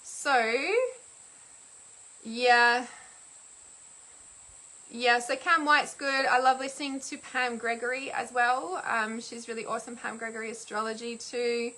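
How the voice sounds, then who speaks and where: A woman's voice: fairly high pitch, flat delivery, a little slow, pauses often, sharp tone. A woman hosting a casual livestream Q&A as an intuitive healer, chatting loosely and acting out little quoted exchanges.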